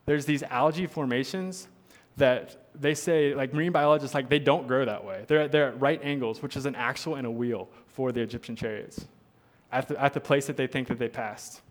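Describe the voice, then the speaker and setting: A man's voice: medium pitch, normal speed. A man preaching a sermon as pastor, earnest, repeating his points for emphasis. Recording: long hall reverb.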